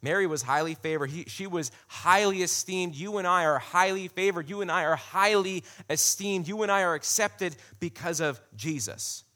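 Bright-voiced man preaching a sermon. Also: high voice, moderate pace, few pauses. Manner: conversational preaching, repeats phrases for emphasis.

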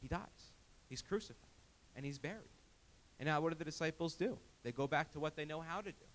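A man delivers a sermon with a slightly high voice for a man. He swings between lively emphasis and hushed, quiet passages, repeating and restarting words as he goes. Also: brisk, a little hiss or hum. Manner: animated, emphatic, with frequent restarts. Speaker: pastor.

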